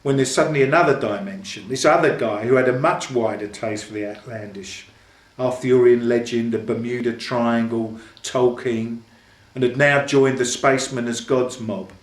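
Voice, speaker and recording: A man's voice: mid-range voice, normal speed. A man in his sixties from London reading from his own memoir in a dry, understated way. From London, England. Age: 60s. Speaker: author. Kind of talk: book reading. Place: reading event, indoors. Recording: echoey room.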